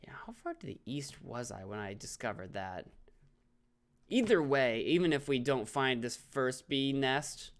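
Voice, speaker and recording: A man's voice: mid-range voice, animated, measured pace. A man casually commenting on his own gameplay during a live stream, chatting with viewers and poking fun at himself. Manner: chatty, self-deprecating, reads chat aloud.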